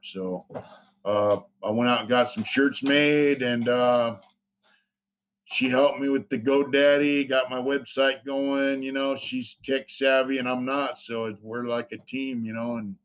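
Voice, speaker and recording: A man's voice: mid-range voice, fairly even intonation, a little slow, clean tone. Male interview guest, casual storyteller, rambling and profane, dull lo-fi sound. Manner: rambling, profane, many fillers.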